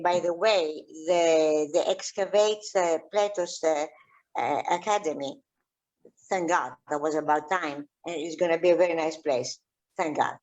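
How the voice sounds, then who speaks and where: A Greek woman with a Greek accent, an archaeologist chatting in an interview, halting with many fillers and restarts. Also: on the low side, low-quality recording. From Greece. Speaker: archaeologist guest. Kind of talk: casual interview chat.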